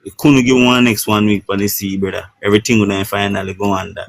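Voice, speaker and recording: A man's voice: on the low side, flat delivery, quick pace, creaky, no room sound. A man with a Jamaican Patois accent giving an emotional personal account in an interview, often adding "you know, bro". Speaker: shipwreck survivor.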